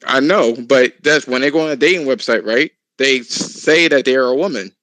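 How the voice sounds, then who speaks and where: A man hosting a casual podcast chat, telling stories in a loud, profane, laughing way. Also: mid-range voice, normal speed, dry recording, rough recording. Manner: animated, profane, laughing storyteller. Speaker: podcast host.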